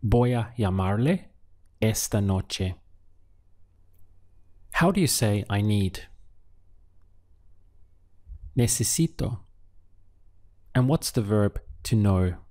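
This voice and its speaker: A man teaching a language lesson, calmly prompting the listener and pausing for their answers. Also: lowish voice. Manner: slow, patient prompting with pauses for answers. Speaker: Spanish teacher.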